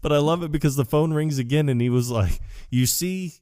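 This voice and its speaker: A man's voice: fairly quick, no room sound. Man co-hosting a laid-back movie podcast. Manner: animated retelling, acts out quoted lines with big pitch jumps; laughs often. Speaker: podcast co-host. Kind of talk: casual movie chat.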